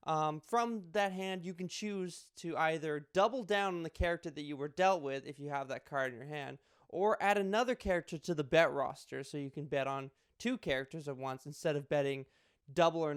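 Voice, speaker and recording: A man's voice: high voice, clean tone, dry recording, studio quality. A young man talking casually and rambling a little as he reviews a board game. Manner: chatty, rambling with restarts and jokes.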